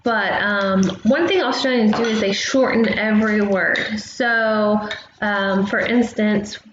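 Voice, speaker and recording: A woman running a casual lesson for young children, chatty and explaining things simply with many pauses, recorded on a laptop microphone at home. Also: medium pitch. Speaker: travel agent host. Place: home room. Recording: dull, echoey room with background noise.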